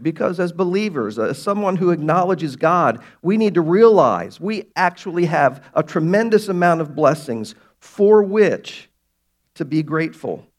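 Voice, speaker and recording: A man pastor preaching a sermon to his congregation, emphatic and slowing down to stress key words. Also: on the high side. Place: church sanctuary.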